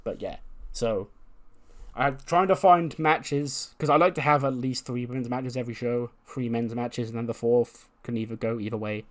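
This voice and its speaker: A man's voice: medium pitch, moderate pace. Chatty man recapping a game. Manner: chatty, self-mocking. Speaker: streamer. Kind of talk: casual game commentary.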